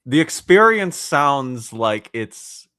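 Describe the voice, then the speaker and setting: A man hosting a podcast in casual chat, reading out comic titles and prices with frequent filler pauses. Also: mid-range voice, sing-song, sharp tone, no room sound, clean studio sound. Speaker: podcast host.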